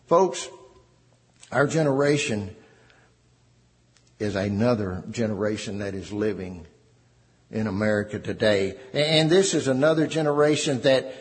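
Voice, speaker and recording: Slow, animated male preacher in a reverberant hall. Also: a little high. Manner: slow, emphatic preaching with dramatic pauses. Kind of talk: sermon.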